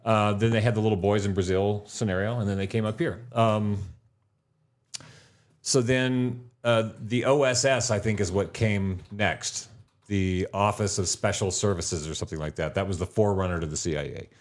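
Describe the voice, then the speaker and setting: A man's voice: on the low side, fairly even intonation, moderate pace. A man hosting a podcast, explaining ideas in a casual, musing way that often trails off mid-sentence. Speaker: podcast host. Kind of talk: casual conversation.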